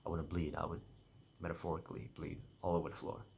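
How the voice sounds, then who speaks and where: A man's voice: very deep voice, flat delivery, fast talker, vocal fry, darkish tone, a little hiss or hum. A young man in a casual personal monologue, rambling and correcting himself as he half-jokes through his thoughts. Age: young adult. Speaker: vlogger.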